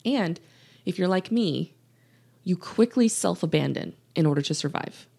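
A woman with a lowish voice talks through her solo podcast as a coach. She sounds earnest and emphatic, circling back to her main points and laughing lightly as she goes. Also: lively intonation, normal speed, creaky, mellow, husky. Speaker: podcast host and life coach.

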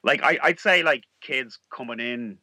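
A man with an Irish accent, a comedian guest in casual chat, animated and acting out quoted lines. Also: mid-range voice, normal speed, no echo.

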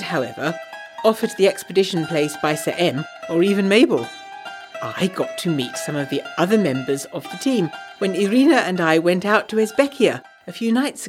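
A woman narrating a letter in an audio drama, eager and gossipy with quick asides. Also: fairly low pitch, natural voice. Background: jazz music.

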